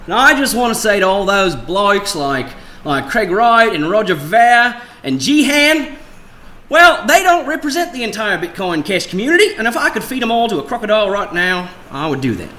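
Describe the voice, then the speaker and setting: Casting: man doing a blokey, boastful Australian miner, bright animated voice with big swoops. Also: high voice, normal speed, exaggerated voice. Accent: Australian, put on.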